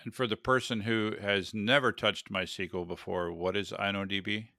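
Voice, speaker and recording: A man's voice: fairly low pitch, steady tone, fairly quick, sharp tone, no room sound, studio quality. A man hosting an interview, asking questions and often stumbling over repeated words. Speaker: interview host. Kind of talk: conversational interview.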